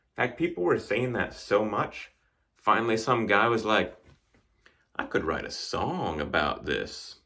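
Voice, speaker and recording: A man from northern Wisconsin does a stand-up comedy routine with a dry, wry delivery. His pitch swings widely as he lands jokes and slips into quick voices for the people in his bits. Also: animated, pushed and bright. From northern Wisconsin, United States.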